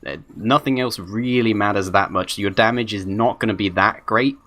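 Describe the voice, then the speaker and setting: A man's voice: on the low side, normal speed, sharp tone. A man doing live esports color commentary, conversational and analytical. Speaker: esports co-caster.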